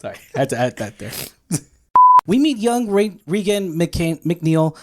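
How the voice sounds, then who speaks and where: Male podcast guest, animated, fumbles script reads and swears at himself. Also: on the high side, measured pace, slight background noise. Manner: stumbles on names, swears and laughs at own mistakes. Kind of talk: podcast blooper reel, reading script.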